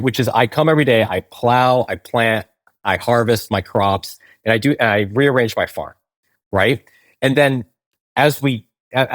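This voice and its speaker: The founder of a game company explains things in a conversational interview, his mid-range voice recorded without echo. He tags his points with "right?" and keeps restarting sentences.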